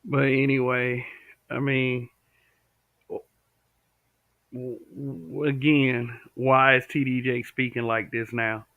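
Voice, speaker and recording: Speaking bluntly in a mid-range voice, a man from the American South runs a casual live stream and replies to what viewers comment. It's a tinny, dry home-stream recording.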